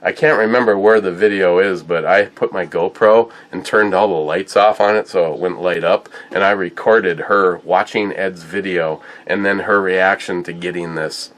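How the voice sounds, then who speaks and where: A man talking casually in a tasting review vlog, telling stories in a rambling, halting way. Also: low-pitched, fairly even intonation, fairly bright tone. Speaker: whiskey and beer reviewer.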